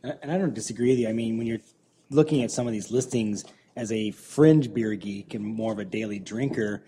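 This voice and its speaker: Fast-talking mellow man, faint noise. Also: lowish voice, animated, creaky. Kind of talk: casual beer chat.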